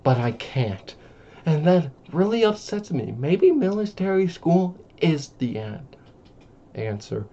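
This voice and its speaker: A man reading the lines of a frazzled, busy working mother, hurried and apologetic, on a dull lo-fi recording. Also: a little high, sing-song, warm tone, pitched above the performer's own voice, full character voice.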